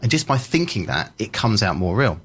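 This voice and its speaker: A man's voice: on the low side, big pitch swings, brisk, fairly bright tone, slightly rough. A man, a media trainer and journalist, telling anecdotes in a casual podcast chat with emphatic energy.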